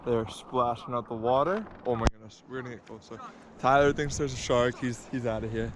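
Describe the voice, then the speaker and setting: Speaking at medium pitch with fairly even intonation and a brisk delivery, a young vlogger talks casually to the handheld camera he holds outdoors at the beach. His manner is relaxed and full of repeated catchphrases, and heavy wind and surf noise run underneath.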